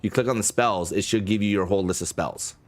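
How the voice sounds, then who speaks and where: A man's voice: lowish voice, fast. A man narrating as game master, hesitant, with many fillers and restarts.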